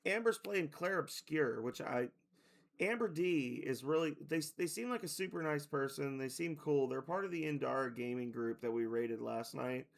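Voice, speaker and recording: A man's voice: a little high, moderate pace, vocal fry. A man streaming video games, chatting casually to his viewers and rambling with lots of "like" as he loses his voice. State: losing his voice. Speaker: game streamer.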